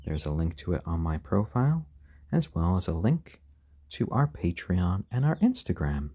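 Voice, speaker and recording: A man hosting a casual live stream at home, gently chatting to viewers and talking softly and fondly to his baby chickens. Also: low voice, very animated, moderate pace, slightly rough.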